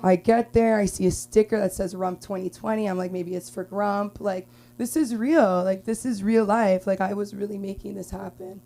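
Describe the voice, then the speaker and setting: At an open mic, a young woman from LA works through a meandering comedy set full of filler words, now and then erupting loudly. Her voice is medium-pitched and gravelly, with a steady tone and moderate pace.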